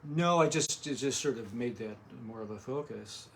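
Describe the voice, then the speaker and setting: An older man, an artist, chatting softly in a small home studio, often trailing off and restarting his sentences. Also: mid-range voice, moderate pace, a little hiss or hum. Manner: soft-spoken, trails off and restarts. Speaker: artist guest. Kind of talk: casual interview.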